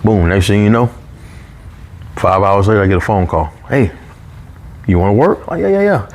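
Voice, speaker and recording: A man telling a long personal story in a casual, animated way, jumping up in pitch whenever he quotes other people. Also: moderate pace, slight background noise. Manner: animated, raises pitch when quoting coworkers.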